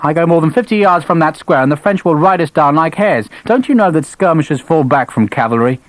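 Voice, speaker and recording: A man voicing a stubborn male rifle officer who speaks flatly and defiantly. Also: on the high side, a little fast, no echo, lightly acted, low-quality recording. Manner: flat, defiant.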